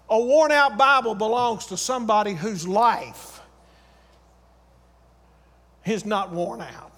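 A man's voice: high voice, slow pace, pauses often. A man preaching a sermon, urging his congregation with repeated phrases and calling out to them. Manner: swings from loud urging to quiet storytelling.

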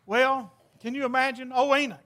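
A man's voice: very high-pitched, steady tone, moderate pace, a bit bright. A man preaching a folksy, exclamatory storytelling sermon, laughing at his own jokes.

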